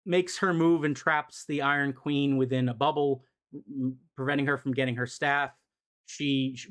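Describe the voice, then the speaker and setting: A man's voice: medium pitch, a bit bright, smooth. A young adult man recapping comic books in a loose, profane, filler-heavy way as a streamer. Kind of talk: casual chat.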